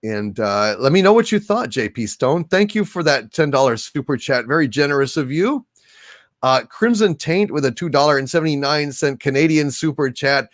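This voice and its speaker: A man hosting a casual livestream, thanking viewers by name in a soft, halting way. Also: on the high side, lively intonation, dry recording, clean studio sound. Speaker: livestream host. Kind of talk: casual livestream chat, reading viewer donations.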